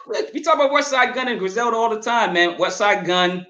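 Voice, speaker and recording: A man co-hosting a podcast, chatting casually and quickly, often repeating words and asking "you know what I'm saying". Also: high-pitched, expressive, pushed and bright, highs cut off. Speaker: podcast co-host reviewing albums. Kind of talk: casual chat. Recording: echoey room.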